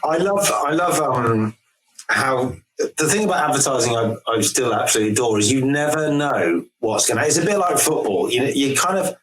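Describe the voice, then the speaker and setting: Ad man on a video call, mid-pitched, animated and sweary, roomy sound. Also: moderate pace. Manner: animated anecdotes, swears casually. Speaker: guest, advertising creative. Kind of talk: casual chat over video call. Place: home in LA. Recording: echoey home room on video call.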